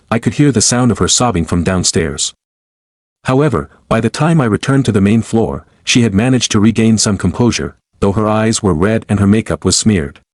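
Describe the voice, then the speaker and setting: Male narrator, low voice, dry close sound, formal and measured storytelling. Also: a little mellow, no room sound. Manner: formal, measured, cold and deliberate. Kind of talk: first-person story narration.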